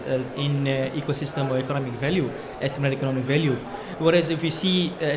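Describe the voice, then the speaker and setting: A man from Fiji speaks as a panelist, talking fast and eagerly with plenty of ums and uhs. He is recorded in a conference pavilion with clear background noise. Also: a little high. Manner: quick, enthusiastic, many fillers.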